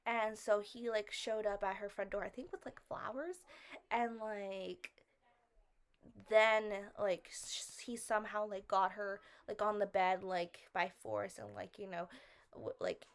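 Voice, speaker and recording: A woman's voice: medium pitch, steady tone, measured pace. A woman giving a casual, rambling film review, filling almost every phrase with "like" and asking questions about the plot. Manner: rambling, fills with "like" constantly; puzzled, questioning.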